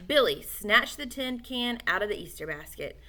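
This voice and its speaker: Lively high-voiced woman reader for a children's audiobook, bright tone. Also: moderate pace. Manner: animated with small slips and self-corrections. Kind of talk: reading a children's novel aloud.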